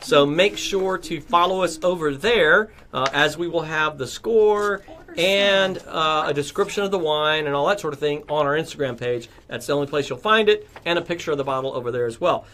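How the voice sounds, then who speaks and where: A man's voice: on the high side, normal speed, fairly bright tone. A man hosting a casual panel show, chatty and leading the talk with frequent fillers. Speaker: host.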